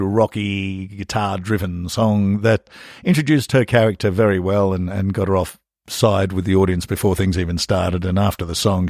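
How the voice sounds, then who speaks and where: A man's voice: fairly low pitch, no room sound. Older man, dry and rambling. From born in England, raised in Australia. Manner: rambling and jokey, with restarts. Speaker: podcast host and composer. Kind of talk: casual spoken commentary.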